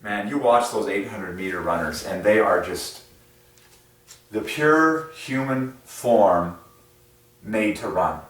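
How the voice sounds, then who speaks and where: A religious numerology video host speaks slowly in a casual, rambling monologue. He is excitable, leans on fillers, and his pitch leaps without warning. The sound is very echoey, and he is far from the mic.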